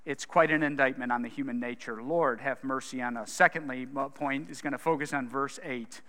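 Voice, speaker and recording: A man's voice: mid-range voice, steady tone, fairly quick, pushed and bright. A male pastor preaching a sermon in an earnest, conversational way, asking his listeners questions. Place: church hall. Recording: long hall reverb.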